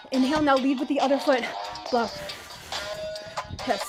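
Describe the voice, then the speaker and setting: A woman fitness instructor guiding a workout, counting reps and calling breath cues in a steady rhythm. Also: high-pitched, moderate pace, long pauses. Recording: music playing behind the voice. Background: workout music.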